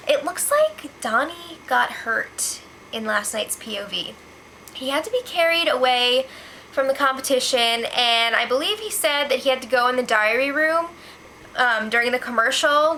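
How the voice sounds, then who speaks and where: A young woman hosting a casual reality show spoiler recap, chatty and gossipy with quick asides. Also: on the high side, pushed and bright, a little hiss or hum.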